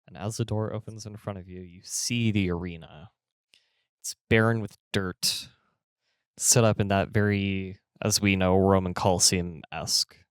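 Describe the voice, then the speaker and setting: Deep-voiced man running a tabletop game. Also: steady tone, normal speed, smooth, no echo, studio quality. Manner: casual, rambling, with fillers. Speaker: game master.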